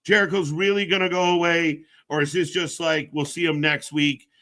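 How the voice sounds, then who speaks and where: On his live wrestling stream, a man offers casual commentary laced with sarcasm and swearing, shifting from shouts to low mutters. His pitch barely moves, and he talks at a normal speed.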